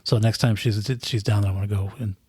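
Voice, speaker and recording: A man's voice: on the low side, fairly even intonation, quick pace, a little mellow, breathy edge, no echo, studio quality. A man chatting casually on a podcast, rambling with many restarts and repeated words. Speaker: podcast guest. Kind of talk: casual chat. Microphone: podcast microphone close up.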